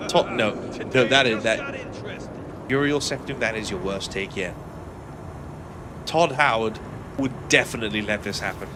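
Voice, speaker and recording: A man's voice: on the low side, moderate pace, long pauses, noisy background. A man whose first language is not English, with a mixed, upper-class English-sounding accent, chatting dryly and swearing while streaming a game and reading chat. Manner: dry, jokey, swearing often.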